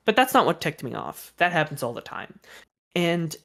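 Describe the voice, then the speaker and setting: A man's voice: on the high side, sing-song, normal speed, creaky, a bit bright. Young man ranting casually about work. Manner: aggrieved, swearing, exasperated. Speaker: streamer. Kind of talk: casual storytelling rant.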